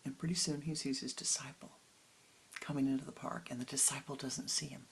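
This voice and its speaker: A woman spiritual teacher telling a parable in a calm, soft-spoken way that often drops close to a whisper. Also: a bass voice, a little fast, creaky, slight background noise, rough recording. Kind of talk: storytelling sermon.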